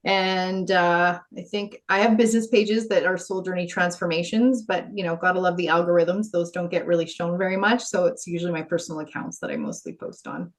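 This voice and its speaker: A woman who works as a confidence coach, speaking as a podcast guest. Her voice sits a little low, and she talks earnestly and with animation, often breaking into laughter. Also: brisk, hardly any pauses. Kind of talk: conversational interview.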